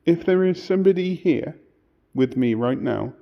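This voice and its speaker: A man investigating alone in an old church, speaking in an earnest, hushed voice and calling out questions to the spirits. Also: on the high side, lively intonation, moderate pace, gravelly, lo-fi sound. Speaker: paranormal investigator. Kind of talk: solo ghost-hunting vlog. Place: inside an old church at night.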